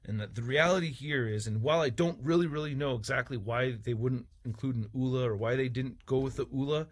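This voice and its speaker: A man's voice: medium pitch, a little fast. A man reviewing toys in a heated, profane opinion rant with sarcastic jabs. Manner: mocking, sarcastic asides. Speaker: toy reviewer. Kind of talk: ranting opinion vlog.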